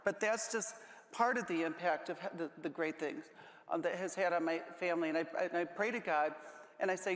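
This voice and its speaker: Woman panel guest, close to tears, halting delivery, recorded in an echoey conference hall. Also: on the low side. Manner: halting, with many restarts. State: holding back tears. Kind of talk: emotional panel talk. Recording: echoey hall with long reverb.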